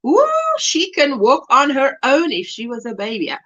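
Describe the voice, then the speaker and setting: High, lively woman hosting a crafts stream. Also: normal speed. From South Africa. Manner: reads chat comments aloud, chatty and affectionate. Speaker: livestream host. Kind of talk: casual chat. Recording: dull lo-fi stream audio.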